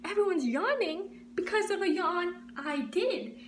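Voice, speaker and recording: A woman's voice: very high voice, expressive, unhurried, a little hiss or hum. A woman vlogging a playful, rambling monologue in a mock-profound way. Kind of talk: comedic monologue to camera.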